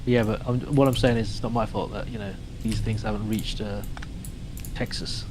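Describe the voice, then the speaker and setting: A man's voice: fairly low pitch, steady tone, moderate pace, darkish tone, a little hiss or hum, poor audio. Teasing British man gaming with a mate. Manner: teasing, banter-heavy. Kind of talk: casual gaming chat.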